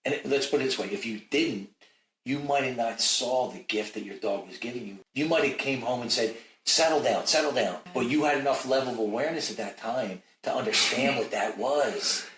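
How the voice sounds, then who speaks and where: A man's voice: medium pitch, a little fast, a bit bright. A man hosting an interview talk show, responding in an encouraging, reflective way. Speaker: host. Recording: roomy echo.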